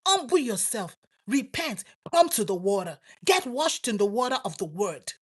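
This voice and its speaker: A woman's voice: on the high side, big pitch swings, normal speed, husky. A woman with a Nigerian accent preaching a sermon, exhorting her listeners with rising and falling emphasis.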